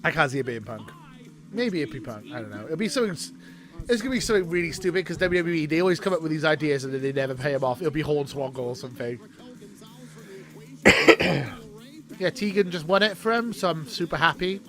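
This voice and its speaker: Young guy, kinda high voice, rambling chatty stream commentary, bit of music in the back. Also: brisk. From Wales. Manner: chatty, rambling, excitable reactions to the show. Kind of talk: casual live watchalong commentary.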